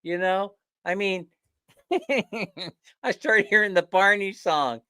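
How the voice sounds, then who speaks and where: A man hosting a casual livestream chat, ranting with animated energy and laughing often. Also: high-pitched, slow, clean tone, no room sound, studio quality. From not from the Philippines. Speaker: livestream host.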